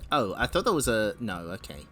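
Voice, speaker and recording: A man's voice: on the low side, very animated, a little fast, fairly bright tone, soft background music. A man hosting a casual comic read-along stream, laughing often and making wry asides. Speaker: streamer reading comics aloud.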